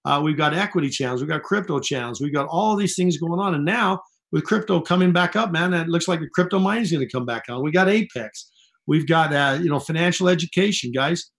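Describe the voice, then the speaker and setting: A man's voice: on the high side, fairly quick, a bit bright. A man giving an emphatic, repetitive motivational sales talk to distributors over a conference call. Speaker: network marketing distributor. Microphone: phone call.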